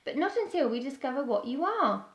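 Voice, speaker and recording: A woman's voice: sits high, sing-song, a little fast. A woman doing a friendly storybook frog. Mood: encouraging. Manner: matter-of-fact and encouraging. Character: friendly male frog, helpful and practical. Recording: echoey room.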